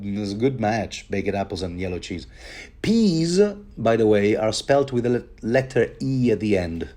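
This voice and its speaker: A man's voice: on the low side, a little mellow. A man giving a rambling, casual book commentary, wry and chatty with many asides.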